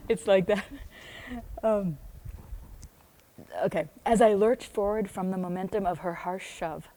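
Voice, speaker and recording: A woman's voice: mid-range voice, measured pace, warm tone. An American woman reading aloud from her own book, breaking off often into chatty asides and laughing as she goes. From United States.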